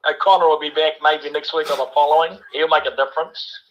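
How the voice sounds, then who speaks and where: A man's voice: fairly high pitch, fairly even intonation, quick pace, fairly bright tone, lo-fi sound. A man in his sixties from New Zealand, rambling through a rugby voice message and dropping "bloody" and "eh?" into nearly every line. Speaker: caller sending a voice message.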